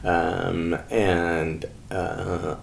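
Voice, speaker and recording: A man's voice: low-pitched, flat delivery, very slow, vocal fry, roomy sound, slight background noise. A man talking casually as a guest, telling a long story with many fillers and acting out quoted dialogue. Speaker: guest, author and ministry founder.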